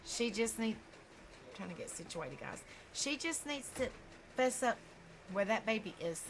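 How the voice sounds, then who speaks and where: A woman's voice: fairly high pitch, lively intonation, measured pace, background noise. A woman hosting true crime reaction commentary, talking straight to her viewers, outspoken, often stumbling over words.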